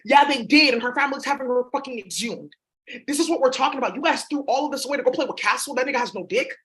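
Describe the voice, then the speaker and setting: A woman's voice: sits high, racing, a bit bright. A woman vlogger talking in a rambling, blunt, profane monologue. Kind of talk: casual monologue.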